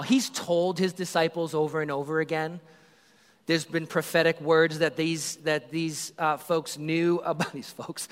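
A man preaching a sermon, telling the story with animated voices for the crowd. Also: a little high, big-room sound. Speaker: pastor.

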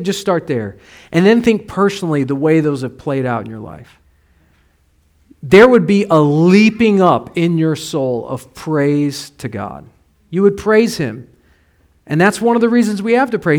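Male pastor, slightly high voice, casual storytelling sermon delivery, soft asides rising to emphatic points. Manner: conversational preaching with personal stories, swings from soft to emphatic.

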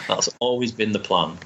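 A man's voice: on the low side, noisy background. A man chatting enthusiastically as a guest, rambling with restarts. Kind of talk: casual chat.

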